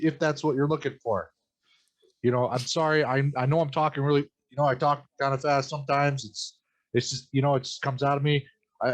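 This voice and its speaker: A man playing an eager young male scholar who rambles and overshares, filling every pause with "you know.". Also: medium pitch, close to an everyday voice. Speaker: player in character. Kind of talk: tabletop role-play.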